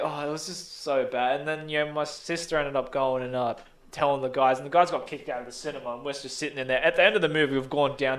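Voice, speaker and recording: A man's voice: on the high side, bright, forceful tone. A young man co-hosting a casual podcast, telling a long rambling story and swearing freely. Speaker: podcast co-host. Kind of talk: casual chat.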